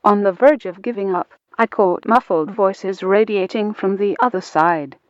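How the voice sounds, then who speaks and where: A woman reading a first-person short story aloud in a slow, deliberate way, acting out the quoted lines. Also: medium pitch, dry recording. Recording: dull, muffled lo-fi recording.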